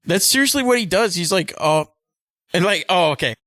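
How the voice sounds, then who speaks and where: A fairly high, bright and lively man's voice, recorded dry and close. He rattles through profane, animated retellings of scenes, dropping into quick voices. It is casual podcast chat between friends. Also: no echo. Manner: animated, profane storytelling with impressions and loud laughs. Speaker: podcast co-host.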